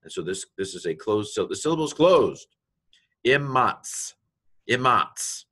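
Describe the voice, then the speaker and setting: Middle-aged male lecturer, lowish voice, patient and methodical. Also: sing-song, darkish tone, husky. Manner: patient, explains step by step, sounds out letters slowly. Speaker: teacher. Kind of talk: classroom lecture on reading Hebrew.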